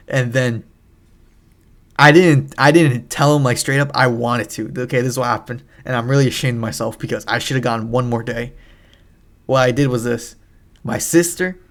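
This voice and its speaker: Young man rambling, profane storytelling. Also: mid-range voice. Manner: rambling, profane, frequent restarts. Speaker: gaming channel host. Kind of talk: casual storytelling over gameplay.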